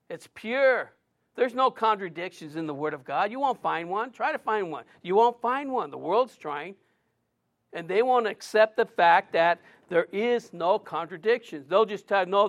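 A man's voice: high voice, fairly bright tone. A man preaching a sermon as a pastor, driving his points home with strings of short, repeated phrases.

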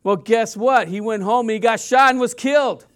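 Male pastor, high smooth voice, lively preaching that surges and drops, chatty asides. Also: normal speed. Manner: animated preaching with sudden loud rises and quiet drops; casual, conversational asides with restarts. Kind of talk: sermon.

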